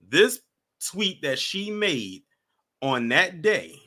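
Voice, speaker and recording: Bright-voiced man chatting to viewers. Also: on the high side, sing-song, very slow. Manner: conversational, addresses viewers as y'all. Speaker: host reacting to clips. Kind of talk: casual reaction commentary to a live chat.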